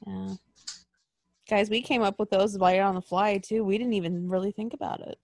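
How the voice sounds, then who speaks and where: A woman in casual chat, telling rambling, animated stories full of swearing. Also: medium pitch, moderate pace, gravelly, no room sound. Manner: profane, rambling and animated storytelling.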